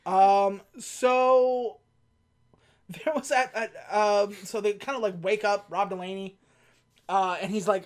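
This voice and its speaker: A woman's voice: mid-range voice, steady tone, slow pace. Casual woman retelling a movie. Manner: rambling, laughing retelling with acted-out quotes. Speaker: podcast co-host. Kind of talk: casual movie recap chat.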